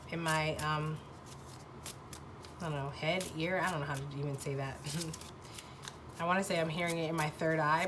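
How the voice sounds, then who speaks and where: A young woman reads tarot cards in a slightly low, bright voice that sounds nasal from a sinus infection. She talks haltingly, restarting and searching for the right words. A faint hiss sits behind her. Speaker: tarot reader. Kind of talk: casual intuitive tarot reading.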